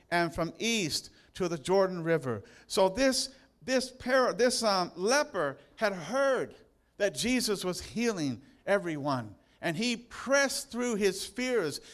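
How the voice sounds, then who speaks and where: Male pastor, sermon in church, high voice, emphatic, slow stressed words, playful asides. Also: a bit bright. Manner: emphatic, drawn-out stresses, retells scripture with humor.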